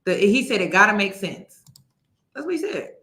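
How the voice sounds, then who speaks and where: A woman's voice: medium pitch, sing-song, moderate pace, sharp tone, reverberant. A woman hosting a reaction commentary, speaking incredulously and mocking. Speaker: commentary host.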